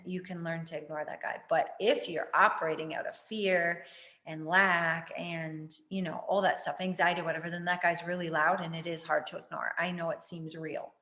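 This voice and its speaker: A woman's voice: lowish voice, a bit bright, roomy sound. A woman hosting a casual spiritual chat, rambling and chatty, with lots of fillers and casual swearing. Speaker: spiritual talk host.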